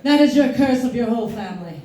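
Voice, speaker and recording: A woman's voice: fairly high pitch, expressive, fast, warm tone, natural voice. A woman putting on a solemn, shady fortune-teller. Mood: ominous. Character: shady female fortune-teller, ominous and commanding. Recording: echoey hall, distant mic, audience.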